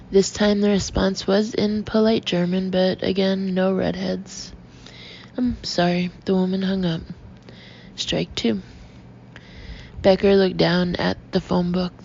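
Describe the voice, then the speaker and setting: A woman narrating an audiobook in a measured, even reading, on a dull lo-fi recording with faint noise. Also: medium pitch, gravelly. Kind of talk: scripted narration.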